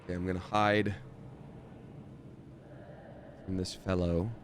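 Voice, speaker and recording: A man streaming a game live, chatting and reading out chat, breaking into loud surprised outbursts. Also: low-pitched, little pitch movement, fairly quick, a little hiss or hum.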